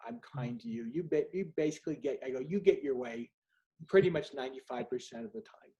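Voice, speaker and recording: Author guest, middle-aged man, mid-pitched voice, candid storyteller who plays out both sides of a conversation. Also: quick pace, warm tone, dull audio. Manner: candid, anecdotal, acts out dialogue. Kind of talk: storytelling in an interview.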